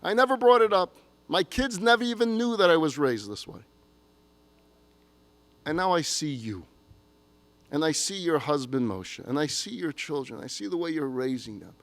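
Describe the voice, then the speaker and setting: A man voicing a gruff old grandfather, heartfelt. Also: a little high, expressive, moderate pace, long pauses, a bit bright, dry recording, pitched above the performer's own voice. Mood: tender confession. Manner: heartfelt, confessional. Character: elderly grandfather, gruff former army man.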